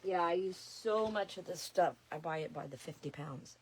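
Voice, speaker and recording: Chatty low-voiced woman in her sixties. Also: a little slow, background noise. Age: 60s. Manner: chatty, talks to herself while working. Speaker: resin artist streaming live. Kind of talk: casual craft livestream chat.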